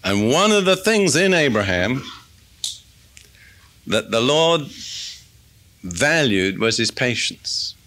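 A man preaching an expository sermon in a conversational teaching manner, reading scripture aloud and slowing to stress key words. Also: mid-range voice, very animated, a bit bright.

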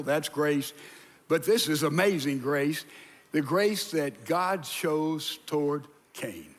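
An older man, a pastor, preaching an animated sermon in a church and acting out voices, with hushed asides. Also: a little high. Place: church sanctuary. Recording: long hall reverb.

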